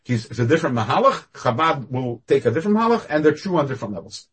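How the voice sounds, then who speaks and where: A man giving a Torah class over a video call, talking animatedly with sudden jumps up and down in pitch and loudness. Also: very animated, quick pace, husky. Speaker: rabbi teaching a class.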